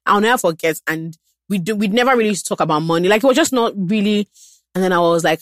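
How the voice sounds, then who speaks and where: A woman's voice: mid-range voice, fast, no room sound. A woman in casual chat, telling stories and acting out what she said back then. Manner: chatty, laughs, acts out her own past words.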